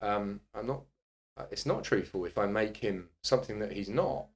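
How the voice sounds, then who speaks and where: A man's voice: lowish voice, moderate pace. A middle-aged man, a podcast guest telling blunt, candid stories and swearing freely. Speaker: guest, personal trainer and author. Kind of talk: candid conversational storytelling.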